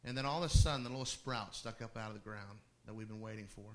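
A middle-aged male pastor with a lowish voice tells a personal story in his sermon, talking fast and conversationally. He adds laughing asides and restarts his sentences.

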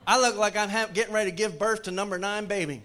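A pastor preaches from the pulpit with a high, ringing voice. He jokes with his congregation one moment and drops to a near-hush the next, coaxing them along like a revival preacher. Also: quick pace. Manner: lively Southern preacher, jokes with the congregation, swings from loud to hushed. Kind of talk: sermon. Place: church sanctuary.

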